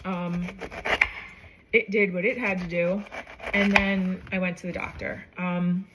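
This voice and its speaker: A woman's voice: on the low side, level tone, unhurried, heavy background noise. A young woman telling a personal story casually, rambling and correcting herself with many fillers, while cooking in her kitchen. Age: young adult. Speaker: vlogger.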